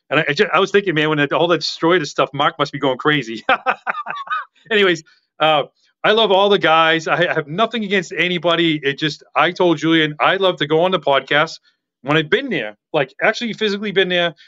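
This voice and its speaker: Excitable rambling man with a carrying voice. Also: a little high, lo-fi sound. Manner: excitable, rambling, loud voice that carries. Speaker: podcast guest. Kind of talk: casual chat.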